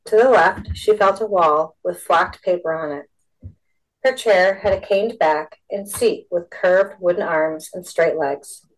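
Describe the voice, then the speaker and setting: A woman's voice: on the low side, measured pace, rough recording. Woman reading a story aloud.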